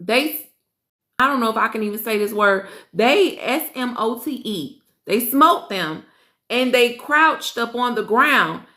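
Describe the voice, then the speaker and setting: A woman's voice: fairly high pitch, lively intonation, sharp tone. A woman reading scripture aloud in an earnest, emotional way, breaking off for casual asides to her listeners. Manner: earnest and emotional, pauses to react. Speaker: scripture reader and host. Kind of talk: reading aloud with personal commentary. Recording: roomy echo.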